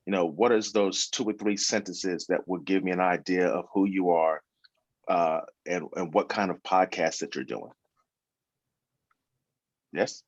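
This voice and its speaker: Low-voiced man, dry and dull sound. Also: measured pace, long pauses, no room sound. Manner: chatty, uses spoken examples. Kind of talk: casual coaching chat.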